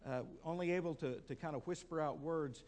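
A man's voice: a little high, a little fast, darkish tone. A male pastor preaching a sermon in a conversational way, asking the congregation questions and repeating words to build emphasis.

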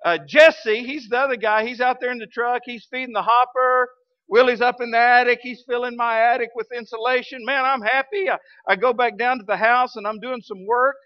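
A man, a pastor telling a story in a sermon, folksy and animated. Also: extremely high pitch, brisk, no echo, muffled recording. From Arkansas, US. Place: church sanctuary.

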